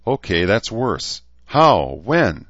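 A man's voice: on the low side, very animated, takes it slowly, fairly bright tone, dry recording, highs cut off, voice pushed up, exaggerated voice. A man reading aloud, voicing an anxious, blunt young adult woman in an audiobook. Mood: exasperated. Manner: raised, strained, exasperated.

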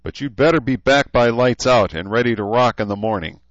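A man's voice: medium pitch, fairly quick, no echo, pitched above the performer's own voice, close to an everyday voice. A man doing a wry easygoing young recruit leader. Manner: dry, joking. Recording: dull lo-fi dry audio.

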